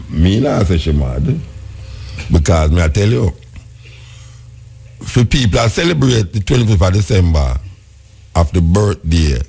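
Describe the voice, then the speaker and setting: A man's voice: low voice, vocal fry, a little mellow, husky. A Jamaican man hosting a radio call-in show, commenting wryly and musing aloud. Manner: wry, musing, laughing commentary. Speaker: radio host.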